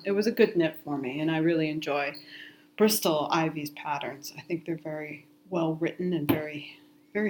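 A woman co-hosting a podcast in casual chat, talking in a measured way, her voice a bit scratchy, trailing off into soft asides. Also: deep voice. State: slightly scratchy voice from a cold or allergies. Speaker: podcast co-host.

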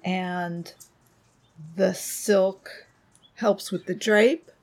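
A middle-aged woman co-hosting a podcast in casual chat, unhurried and thoughtful, often trailing off softly. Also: mid-range voice, fairly even intonation. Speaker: podcast co-host.

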